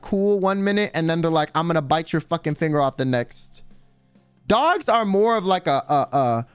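A man's voice: sits high, clear, resonant tone, no room sound. A man hosting a casual livestream, rambling and profane, with heavy use of "like" and dramatic emphasis. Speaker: livestream host. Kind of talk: casual stream chat.

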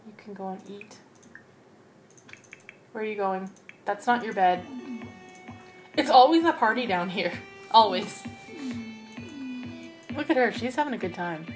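A woman's voice: medium pitch, lively intonation, takes it slowly, pauses often, soft background music. A young woman giving casual, chatty commentary over her gameplay and talking to her game characters. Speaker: let's play host.

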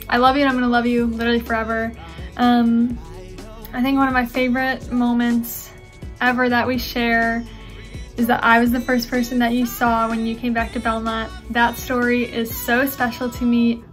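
A woman's voice: a little high, fairly bright tone. A young woman recording a tender, emotional birthday message for a close friend.

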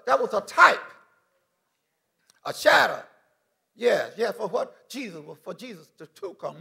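A man's voice: high voice, creaky, bright, forceful tone, breathy edge. A man preaching a fervent sermon from a church stage, repeating phrases, calling out praise and stumbling through restarts. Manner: stammering restarts. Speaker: bishop preaching.

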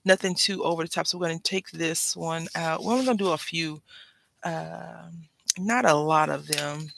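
A woman's voice: sits low, fairly even intonation, moderate pace, gravelly, background noise. A woman chatting casually while she works on a craft project, rambling and wryly complaining in an easygoing way.

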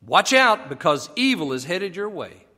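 A man's voice: high voice, very animated, takes it slowly, a bit bright, pitched above the performer's own voice, heavily acted. A man putting on Pharaoh, a grudging warning king. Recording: long echoey reverb.

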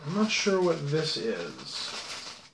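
A man's voice: fairly high pitch, huge pitch swings, slow pace, creaky. A man hosting his own channel, chatting casually and rambling with self-deprecating asides as he unboxes things. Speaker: pipe-smoking channel host. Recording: echoey room with faint background noise.

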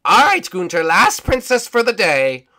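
A man's voice: high voice, sing-song, a little slow, bright, forceful tone, voice pushed up, exaggerated voice. A man voicing a goofy, lovesick old wizard king over gameplay, rambling with lots of ums and hesitations. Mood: bumbling.

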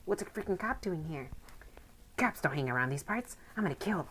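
A woman's voice: fairly low pitch, lively intonation, a little fast, fairly bright tone, slight background noise, pitched above the performer's own voice. Archie, a woman reading as a hotheaded gang boss. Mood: angry. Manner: angry ranting.

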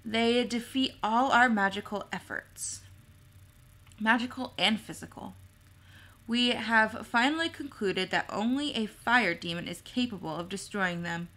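A woman reading the part of a tall, grave male elf who speaks in calm, measured, formal tones. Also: fairly high pitch.

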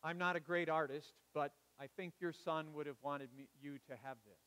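A man's voice: on the high side, steady tone, moderate pace, long reverb tail. A man voicing a humble young soldier. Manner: soft, modest. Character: humble young male soldier, grateful and shy.

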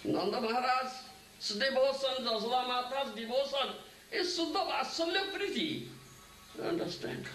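A man's voice: extremely high pitch, moderate pace, fairly bright tone. An older man gives a devotional lecture, often asking "Huh?" and "Isn't it?" and chanting Sanskrit verses. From India. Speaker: spiritual teacher. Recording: echoey room, mic at a distance, faint hiss.

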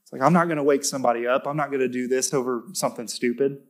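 A man's voice: mid-range voice, fairly even intonation, racing. A man preaching a sermon in a church, talking in a conversational way with restarts, then rising to emphatic, lifted stretches when he stresses a point. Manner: conversational with self-corrections and restarts. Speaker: pastor.

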